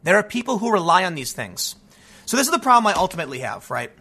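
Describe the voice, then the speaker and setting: Male commentator, high bright voice, combative and emphatic rant. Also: very animated, quick pace, slightly rough. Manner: emphatic, combative, casual asides like "man". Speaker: political commentator. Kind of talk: ranting commentary.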